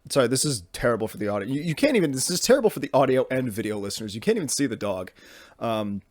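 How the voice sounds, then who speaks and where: A man's voice: mid-range voice, sing-song, quick pace, darkish tone, no echo, studio quality. A young man hosting a podcast from his bedroom, rambling casually with lots of fillers and restarts. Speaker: podcast host.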